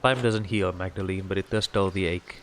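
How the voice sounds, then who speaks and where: A man voicing a widowed older father who is still grieving his son, reading slowly and somberly. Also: sits low, fairly even intonation, a little hiss or hum, natural voice.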